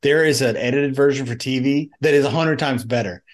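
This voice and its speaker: A man in a mid-range voice, co-hosting a chatty movie podcast. He argues his case with conviction and acts out quoted lines. An ordinary speaking voice, neither high nor low. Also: brisk. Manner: argumentative, animated storytelling, quotes lines in funny voices. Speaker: podcast co-host. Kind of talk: casual movie podcast chat.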